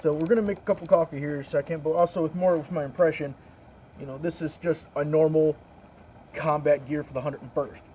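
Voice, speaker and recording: Cold and outdoors in the snow, a man films a laid-back show-and-tell vlog about WWII reenacting. His voice is a little high and warm, with fairly even intonation and a brisk pace, and his informal, rambling speech is full of restarts. The low-quality recording has slight background noise.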